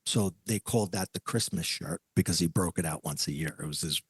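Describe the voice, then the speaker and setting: A man's voice: low voice, fairly quick, husky, dry recording. A man telling a personal story as a podcast guest, acting out the voices of the people he quotes.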